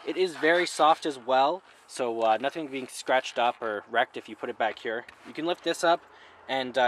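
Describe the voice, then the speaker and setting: A man's voice: mid-range voice, a bit bright, slight background noise. A young man giving a friendly, plain-spoken walkaround of a used car, outdoors and inside the vehicle. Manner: friendly, upbeat, plain-spoken with small slips. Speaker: car dealership salesman.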